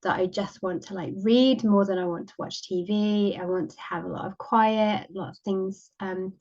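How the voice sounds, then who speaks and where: A woman hosting a solo podcast, sniffly and croaky from a cold, talking gently and rambling with plenty of ums. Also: medium pitch, fairly even intonation, normal speed, muffled recording. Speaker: podcast host. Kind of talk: casual solo podcast talk.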